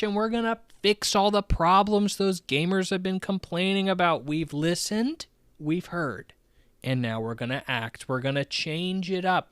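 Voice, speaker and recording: A smooth-talking middle-aged boss, pitched well above a normal speaking voice, keeps reassuring everyone that all is fine, as a man does the impression. He talks in a glib, chummy way and keeps tacking on "okay?" The sound is crisp and dry. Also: a bit bright, no room sound. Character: breezy middle-aged male game-company boss. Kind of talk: comic impression.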